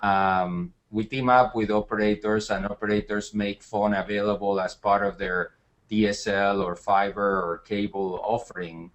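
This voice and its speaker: A male entrepreneur answers interview questions in a calm, factual way. His voice sits somewhat low. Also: moderate pace. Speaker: entrepreneur guest.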